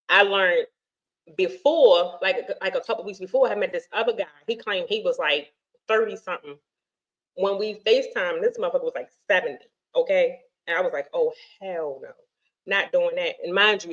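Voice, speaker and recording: A middle-aged woman hosting a casual chat, telling a story in an animated, profane way and acting out the dialogue. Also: medium pitch. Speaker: host. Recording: dull lo-fi stream audio.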